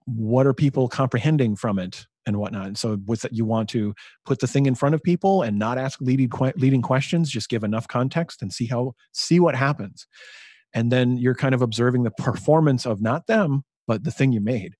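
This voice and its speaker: A man's voice: medium pitch, a little fast, a little mellow, no room sound, studio quality. A man co-hosting a podcast in casual chat, thinking aloud and getting enthusiastic about ideas. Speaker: podcast co-host.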